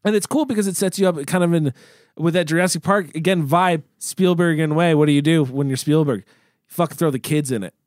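A man talking casually about a movie on a podcast, animated and swearing freely, acting out quotes. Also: a little high, brisk, no room sound, clean studio sound. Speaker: podcast co-host.

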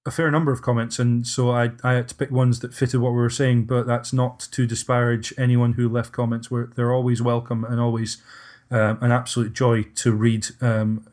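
A man's voice: medium pitch, little pitch movement, normal speed, a little mellow. A man hosting a casual podcast discussion, hesitant and often restarting his sentences. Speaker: podcast host.

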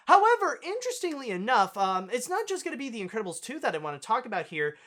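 Excited man rambling through animation news. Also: very high voice, fast talker. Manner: enthusiastic, rambling with fillers. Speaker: podcast host. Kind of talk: casual news commentary.

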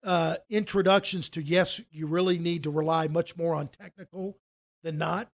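High-voiced man telling a rambling story. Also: fairly even intonation, moderate pace. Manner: rambling, restarts often, acts out quoted dialogue. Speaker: financial advisor. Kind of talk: casual storytelling in a conversation.

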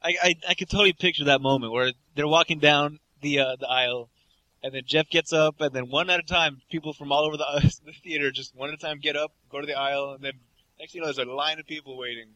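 A man's voice: on the high side, fairly even intonation, quick pace, bright, forceful tone, poor audio. Joking man co-hosting a podcast. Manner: laughing, joking listener. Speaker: podcast co-host. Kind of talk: casual chat.

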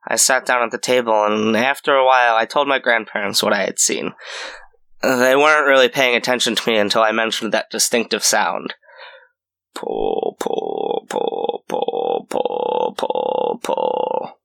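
A man narrating a scripted horror story in a measured storytelling way. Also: mid-range voice, steady tone, sharp tone, clear, resonant tone.

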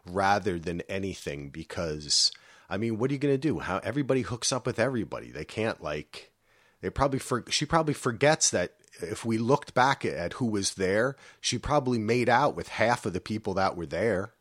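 A man's voice: lowish voice, expressive, moderate pace, no room sound, studio quality. A man from New Jersey co-hosting a podcast, chatting casually in a rambling, self-interrupting way. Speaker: podcast co-host. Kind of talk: casual chat recapping a reality show.

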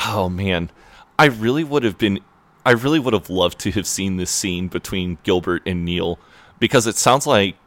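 A man's voice: moderate pace, no echo. A man co-hosting a podcast, animatedly retelling a TV episode scene by scene. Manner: animated retelling, acting out lines in high mock voices. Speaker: podcast co-host. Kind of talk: casual chat recapping a TV episode.

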